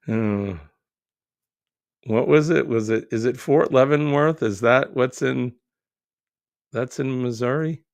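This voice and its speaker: A man's voice: medium pitch, slow pace, gravelly, long pauses, a little mellow, no echo. A middle-aged man hosting a live stream, reading viewer comments aloud and chatting about them in a joking, easygoing way. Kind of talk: casual live chat.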